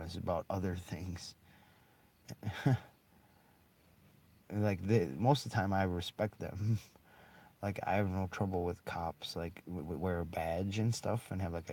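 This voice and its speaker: Man, low voice, warm dark tone, rambling, profane, bitter monologue. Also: creaky. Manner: rambling, heavy swearing, bitter laughs. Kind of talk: angry monologue.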